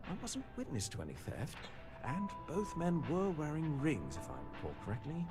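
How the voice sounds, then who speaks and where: A man's voice: on the high side, huge pitch swings, moderate pace, music in the background. An actor playing a polite, formal male restaurant staffer in a video game, speaking with courteous, precise wording. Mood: recounting.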